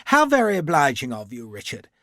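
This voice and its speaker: A man's voice: a little high, huge pitch swings, fairly quick, a bit bright, no echo, clean studio sound. A man playing Lavisser, a cheerful, urbane renegade officer. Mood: urbane, mocking. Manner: urbane, mocking, genteel.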